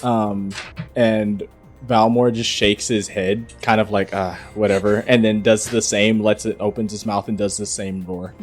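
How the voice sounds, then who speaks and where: A man's voice: lowish voice, level tone, a little slow, faint music behind. A man player describing his characters' actions in an easygoing way.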